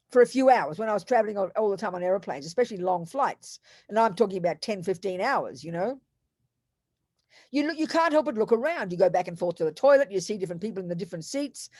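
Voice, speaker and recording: A woman with an Australian accent, giving a Buddhist teaching in an animated, emphatic way with storytelling asides. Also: medium pitch, fairly quick, no room sound, clean studio sound.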